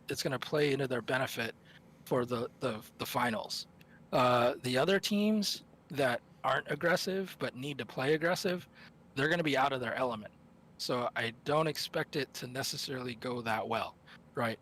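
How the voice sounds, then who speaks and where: A man's voice: medium pitch, a bit bright, slight background noise. A man commentating a live esports tournament stream, analysing teams in a rambling, self-correcting way.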